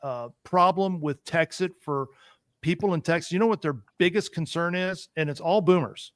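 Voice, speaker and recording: High-pitched, ranting talk show host man. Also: normal speed, fairly bright tone, no room sound, studio quality. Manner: emphatic, ranting, repeats himself. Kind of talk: heated political talk.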